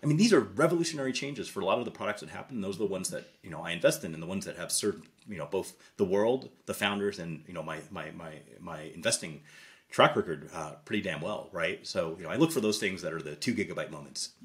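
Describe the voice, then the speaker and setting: A man's voice: deep voice, quick pace. A middle-aged man, an investor guest in an interview, telling stories with many fillers and acting out remembered dialogue. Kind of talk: interview storytelling.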